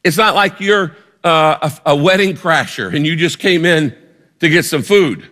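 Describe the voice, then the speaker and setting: A man's voice: on the high side, lively intonation, normal speed, bright, forceful tone, in a large hall. A male pastor preaching a sermon, painting a vivid story for the congregation and repeating words as he builds a point.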